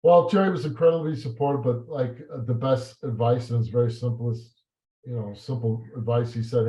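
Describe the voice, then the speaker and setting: A man in an interview, telling stories and reminiscing in a halting way, with many fillers and restarts. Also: mid-range voice, steady tone, warm tone. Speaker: talk show host as guest. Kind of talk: reflective interview answers. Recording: roomy and slightly dull sound.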